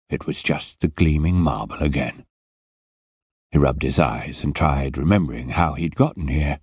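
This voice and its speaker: A man narrating an audiobook close to the mic, slow and deliberate, with a very low, husky voice. His delivery is lively, and the recording is dry with no room sound. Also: dry recording. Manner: unhurried, expressive storytelling. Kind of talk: scripted narration.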